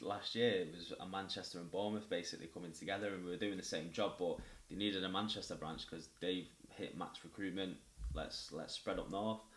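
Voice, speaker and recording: A man's voice: deep voice, a bit bright. A man with a Manchester accent co-hosting a podcast, blunt and sweary in casual chat. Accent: Mancunian. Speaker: podcast co-host. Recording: roomy echo.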